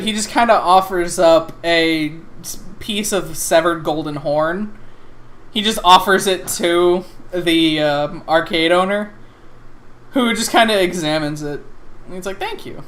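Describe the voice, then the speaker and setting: Hesitant game master, rambles and pauses a lot, medium pitch. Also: fairly bright tone. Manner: rambling, hesitant, lots of fillers. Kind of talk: narrating a tabletop game.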